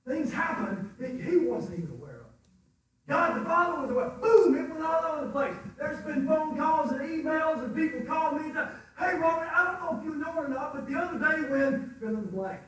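Male preacher, very high voice, fervent delivery, distant mic in a booming hall. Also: animated, a little fast, slight background noise. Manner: fervent, swings from quiet asides to shouting. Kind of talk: sermon. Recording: echoey hall from far off.

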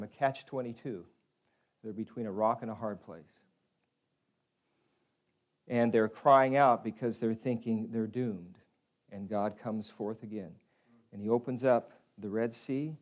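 Middle-aged male preacher, earnest sermon delivery, mid-pitched voice, softens for quoted lines.

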